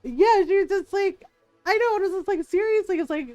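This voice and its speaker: A middle-aged woman streamer chatting casually, telling an animated story with frequent laughs and quoted voices. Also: extremely high pitch, fairly quick, no room sound, faint music behind. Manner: animated, laughing often, quoting others in shifting voices.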